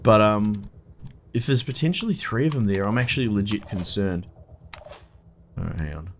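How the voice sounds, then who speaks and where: A young Australian man gives casual, swear-laden commentary while playing a strategy game, talking bluntly and chattily and muttering to the screen. His voice is on the low side with lively intonation at a moderate pace, with a little hiss or hum in the audio.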